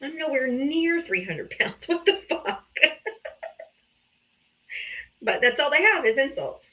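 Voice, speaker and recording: A woman's voice: high voice, lively intonation, slow, sharp tone, poor audio. A woman hosting a live political debate stream, combative, sarcastic and heavy on profanity.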